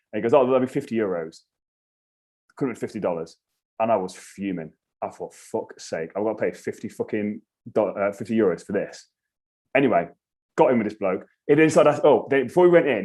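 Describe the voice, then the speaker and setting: A man, a podcast guest telling a story in casual chat, animated and swearing freely. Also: fairly low pitch. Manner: animated, swears freely, acts out his own reactions.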